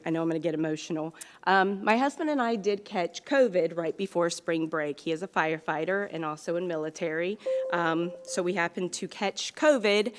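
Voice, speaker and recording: A woman's voice: medium pitch, smooth. A woman, giving nervous public comment as a parent, hesitant with many fillers and restarts.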